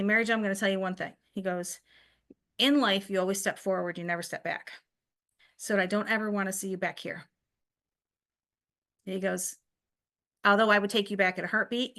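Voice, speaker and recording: A woman's voice: mid-range voice, fairly bright tone. A middle-aged woman co-hosting a casual podcast chat, telling personal stories and laughing easily. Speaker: podcast co-host.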